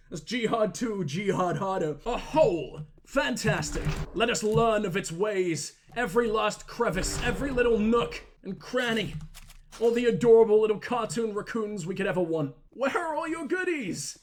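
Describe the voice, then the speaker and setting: High-voiced gamer, crude jokes. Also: male voice. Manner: crude, joking, excitable. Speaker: gaming commentator. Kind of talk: gaming commentary.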